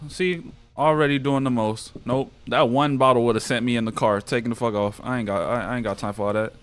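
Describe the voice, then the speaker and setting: A man playing a horror game, talking to himself and breaking into loud, profane reactions and shrieks. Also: mid-range voice, steady tone, a little fast, clear, resonant tone. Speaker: gaming YouTuber. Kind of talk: horror game let's play commentary.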